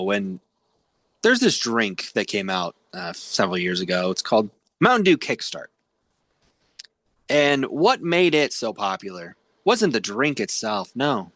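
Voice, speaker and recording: Animated man telling a story. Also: lowish voice, no echo. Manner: animated storytelling with playful exaggeration. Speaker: podcast co-host. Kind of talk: casual chat.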